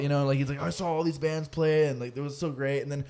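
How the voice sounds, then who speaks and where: A young man hosting a podcast, telling rambling, animated stories between friends and swearing freely. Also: on the high side, quick pace, hardly any pauses. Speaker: podcast host. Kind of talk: casual chat.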